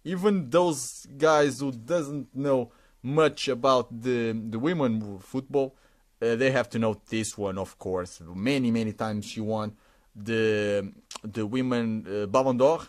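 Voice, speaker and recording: Man narrating a sticker unboxing. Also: medium pitch. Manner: halting, repeats words, stumbles over names, chuckles. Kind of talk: casual unboxing commentary.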